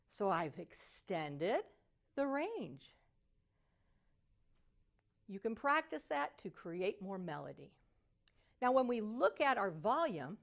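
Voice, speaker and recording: Lively older woman voice coach. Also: a little high, gravelly. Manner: animated, sings phrases to demonstrate melody. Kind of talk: motivational teaching talk.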